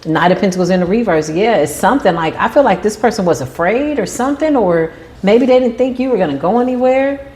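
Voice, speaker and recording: Speaking fairly quickly at a medium pitch, a tarot reader delivers her reading with animated emphasis. Now and then she voices the people she's describing.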